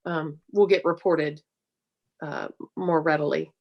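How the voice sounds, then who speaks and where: Low-voiced councilwoman asking questions. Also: steady tone, a little slow, creaky, dull audio. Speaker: city council member. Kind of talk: budget hearing questions.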